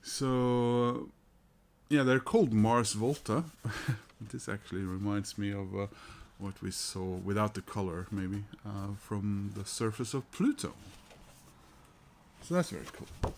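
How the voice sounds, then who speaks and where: A man's voice: lowish voice, slow, slight background noise. A middle-aged man, chatting casually about records he bought, hesitant and full of fillers. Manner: hesitant, many fillers and restarts, chuckles. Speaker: record collector vlogger. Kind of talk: casual record haul chat.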